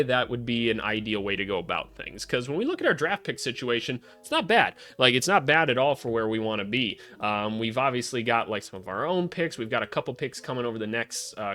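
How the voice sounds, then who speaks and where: A young adult man talking through basketball in a casual vlog. He is blunt and sarcastic and throws in swearing, with a voice of ordinary pitch. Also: pushed and bright. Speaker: basketball analyst, channel host.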